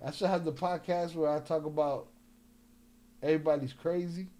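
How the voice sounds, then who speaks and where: A man's voice: a little high, steady tone, unhurried, mellow, a little hiss or hum. A man hosting a live stream in loose, joking slang, laughing often, a few drinks in. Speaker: livestream host. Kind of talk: casual live-stream chat.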